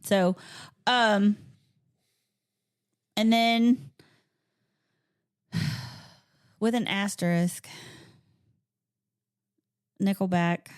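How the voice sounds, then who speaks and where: A woman's voice: mid-range voice, drawn-out words, long pauses, smooth. A woman co-hosting a music podcast, chatting casually, laughing often and arguing her picks with playful emphasis. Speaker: podcast co-host. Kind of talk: casual chat.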